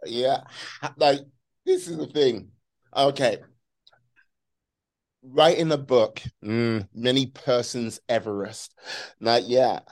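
A man's voice: medium pitch, slow pace, long pauses. A man hosting a casual interview, reacting with exclamations and asking follow-up questions. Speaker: interviewer host.

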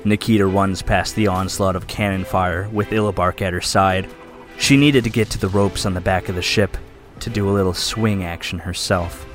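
A man's voice: deep voice, steady tone, moderate pace, faint music behind. A man running a tabletop game as game master, narrating the scene in vivid detail. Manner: vivid descriptive storytelling.

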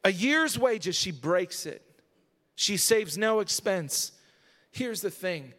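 A man's voice: high voice, lively intonation, takes it slowly, fairly bright tone. A male pastor giving a conversational sermon that builds to emphatic moments, recorded in a church sanctuary. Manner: conversational preaching, rising to emphatic. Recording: long hall reverb.

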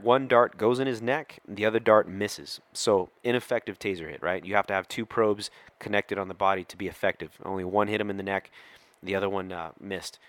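A middle-aged man with a fairly low voice tells a story on a podcast, acting out every quoted line. The close mic sounds dry, with no room around it. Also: no room sound. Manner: animated storyteller who acts out quoted lines. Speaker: police officer guest telling a story.

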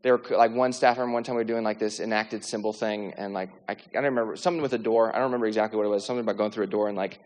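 A man telling a personal faith testimony in a lively, animated way, acting out the dialogue and using lots of filler words. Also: lowish voice, rapid-fire, few pauses. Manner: lively, acts out quoted dialogue, many "like" fillers. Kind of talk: animated storytelling. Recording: long hall reverb.

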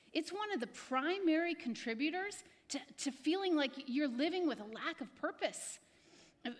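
A woman pastor preaching a sermon to a live congregation in a church, repeating phrases and speaking to people by name. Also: sits high. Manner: repetitive, exhorting, addresses congregation by name.

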